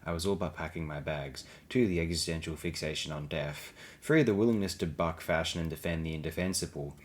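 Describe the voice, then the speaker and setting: A man's voice: a bass voice, a little fast. A man reading blog posts aloud as an audiobook, with a dry, sardonic delivery. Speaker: audiobook reader.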